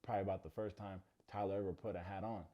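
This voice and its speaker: A man's voice: low-pitched, fairly even intonation, rapid-fire, dull audio. A man hosting a comedic TV recap, talking with playful, sarcastic asides. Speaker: recap host.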